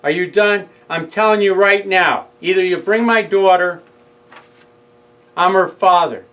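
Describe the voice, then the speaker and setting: The recording is rough, and the man's high, slightly bright voice moves a little slowly. He's middle-aged with a New York accent, casually telling the story of a legal case and playing both sides of a heated phone argument.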